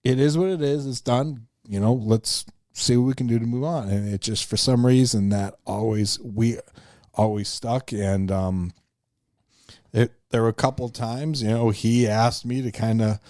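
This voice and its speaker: A man from the northern United States, co-hosting a faith podcast and telling a story in a lively, chatty way. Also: mid-range voice, moderate pace, no echo, studio quality. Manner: animated storyteller, acts out quoted voices. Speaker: podcast co-host. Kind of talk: casual storytelling chat.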